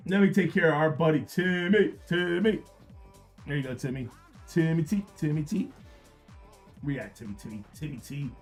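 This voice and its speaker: A man hosting a live card-break stream, repeating prices and hyping the product in an upbeat sales pitch. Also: unhurried, long pauses, faint music behind. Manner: upbeat, repetitive hype.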